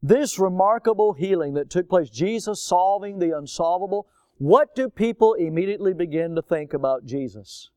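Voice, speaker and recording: A man's voice: high-pitched, expressive, moderate pace, dark tone, no echo, studio quality. A man preaching a sermon with a rising and falling cadence and frequent rhetorical questions. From United States. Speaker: pastor.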